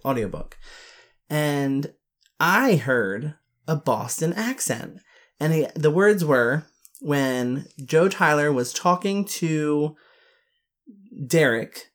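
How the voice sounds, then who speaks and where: A woman co-hosting a podcast in casual chat, animated and playful. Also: low-pitched. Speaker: podcast co-host.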